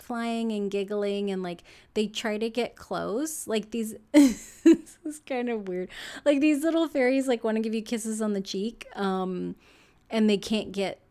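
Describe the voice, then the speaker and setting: A young woman talks softly and loosely through an astrology reading, her sentences wandering and padded with "like" and "um". She is emotional and near tears, her voice welling up as she goes. Her pitch sits in a middle range for a woman. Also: clean tone. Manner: soft, rambling, full of "like" and fillers. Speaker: tarot reader.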